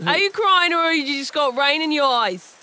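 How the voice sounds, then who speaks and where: A brash young Australian woman, as a woman plays her in a comedy radio skit. She rambles cheerfully and calls everyone mate. Her voice is high and bright. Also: lively intonation, normal speed. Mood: chummy.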